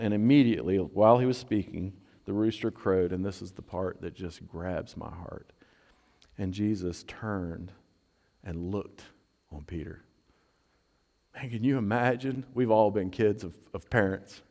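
A man preaching a sermon as a pastor, earnest, dropping to a hush and rising to fervent emphasis. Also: fairly low pitch, a little slow, gravelly, long reverb tail. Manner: earnest, swings from hushed to fervent.

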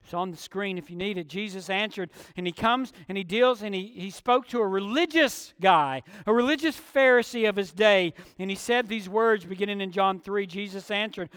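A male pastor delivers an emphatic sermon in a strikingly high voice, leaning hard on key words and slipping into quieter asides. The mic sits close and dry, yet a long reverb trails off through the sanctuary. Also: smooth.

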